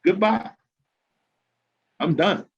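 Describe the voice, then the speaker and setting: Older husky man ranting emphatically. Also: high-pitched, drawn-out words. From New Jersey. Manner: emphatic, repetitive, aggrieved ranting. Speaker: former pro basketball player and coach. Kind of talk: heated guest monologue. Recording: dull lo-fi call audio.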